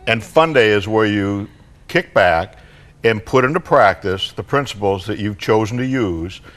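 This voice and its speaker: Animated man telling parenting stories. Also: lowish voice, measured pace. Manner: animated storyteller, acts out kids and parents. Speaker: guest parenting author. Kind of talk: studio talk show conversation.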